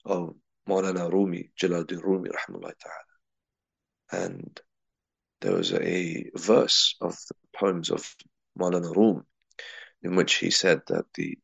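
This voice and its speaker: A man's voice: low voice, very animated, measured pace, creaky, pauses often, a bit bright, breathy edge, no room sound, dull audio. A man from England giving a reflective spiritual talk, telling a personal story and weaving in Arabic and Urdu religious terms. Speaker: religious teacher.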